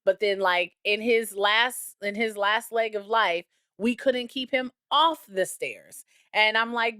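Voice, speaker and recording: A woman's voice: mid-range voice, measured pace, hardly any pauses, sharp tone, clean tone, no echo, clean studio sound. A woman in her thirties co-hosting a podcast, chatting candidly and telling a family story with quoted voices. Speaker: podcast co-host. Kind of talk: casual chat.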